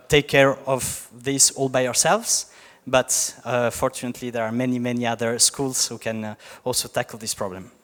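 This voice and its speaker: A man's voice: medium pitch, a bit bright. A young man from Italy with an Italian accent, giving a joking conference talk full of fillers and restarts. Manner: joking, halting with many fillers. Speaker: startup founder giving a talk. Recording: long hall reverb.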